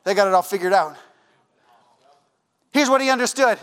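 A man's voice: sits high, normal speed, fairly bright tone, clean tone. A man preaching a sermon in a church, impassioned and conversational, acting out quoted voices and repeating himself as he presses his point. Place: church sanctuary.

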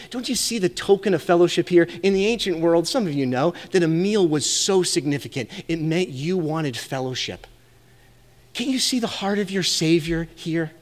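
A man's voice: fairly high pitch, in a large hall. A man preaching a sermon as pastor, earnest and conversational, asking his listeners questions. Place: church sanctuary.

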